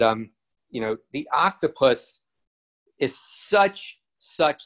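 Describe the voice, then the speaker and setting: A man talking casually in a voice of ordinary pitch. He rambles, hesitates and restarts his sentences often. His talk is full of ums and loose asides. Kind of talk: casual retelling monologue.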